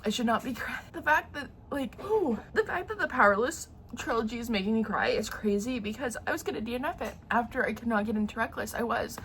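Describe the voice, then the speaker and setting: A woman's voice: fairly high pitch, lively intonation, fast talker, few pauses, fairly bright tone, a little hiss or hum. A young woman vlogging about books in casual chat, sounding nasal from a sore throat, emotional and full of fillers and restarts. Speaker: book vlogger.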